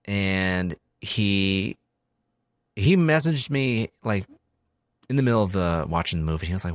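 A man co-hosting a podcast in casual chat, an animated storyteller who acts out his friends' lines. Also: low-pitched, normal speed, long pauses, no echo, clean studio sound. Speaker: podcast co-host.

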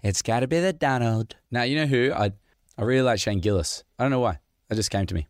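A man's voice: medium pitch, fast talker, no echo, clean studio sound. A man hosting a podcast, answering listener questions in a jokey, rambling way. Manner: jokey, rambling, laughs often. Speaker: podcast host. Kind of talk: casual Q&A chat.

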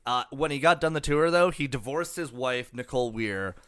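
A man's voice: medium pitch, expressive, normal speed, a bit bright, clear, resonant tone. A man co-hosting a casual comedy podcast, reading out a musician's history with lots of fillers and swearing. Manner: profane, filler-heavy storytelling. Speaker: podcast co-host.

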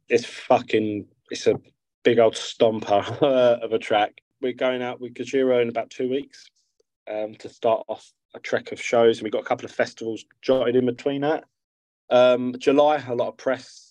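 Sweary bloke, dry sound. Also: male voice, mid-range voice, darkish tone, no echo, rough recording. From South London. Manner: rambling, heavy swearing. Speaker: guest musician. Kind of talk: casual interview chat.

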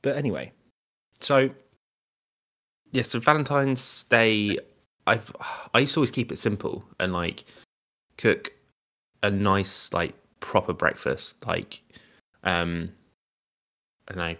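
A man's voice: on the low side, steady tone, slow, long pauses, sharp tone. A man co-hosting a podcast in casual chat, rambling playfully with lots of fillers and restarts. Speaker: podcast co-host.

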